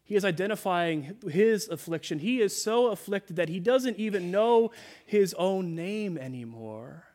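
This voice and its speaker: A male pastor delivering a sermon in a church, his voice sitting a little higher than most men's. He speaks earnestly and drops to a soft, slow hush whenever he quotes someone. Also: lively intonation. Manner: earnest preaching, dropping soft on quoted words. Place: church sanctuary.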